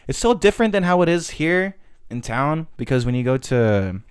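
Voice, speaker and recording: A man's voice: on the high side, very animated, moderate pace, clean tone. A man of about twenty from Central California, chatting casually on a podcast and telling a rambling, profane travel story. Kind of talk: casual chat.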